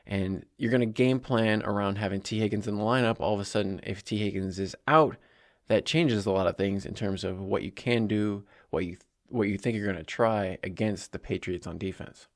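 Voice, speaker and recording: Male podcast host, lowish voice, casual and animated sports commentary. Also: moderate pace. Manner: conversational, animated, with asides and small laughs.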